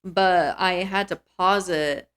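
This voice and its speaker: Young woman, slightly low voice, chatty movie podcast co-host, filler-heavy. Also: fairly even intonation, slow, fairly bright tone, smooth. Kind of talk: casual movie review chat.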